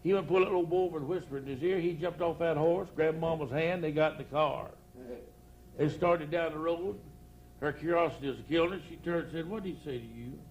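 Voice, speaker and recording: A man's voice: fairly high pitch, steady tone, fast, dull audio, a little hiss or hum. An older man, a country preacher telling rambling comic stories to a live audience and laughing at his own jokes. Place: outdoor church campground before a live audience.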